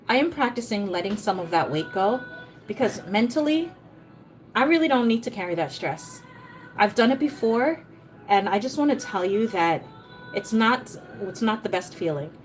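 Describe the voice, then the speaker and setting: This is a woman from Jamaica with an American accent, casually talking on a live stream as she cooks at home and greeting and encouraging viewers by name. Her voice is medium-pitched, and the recording quality is low.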